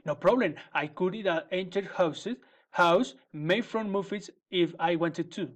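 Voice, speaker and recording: A man's voice: sits high, measured pace. Man playing a giant frog, greedy, boastful, sighing, storybook voice.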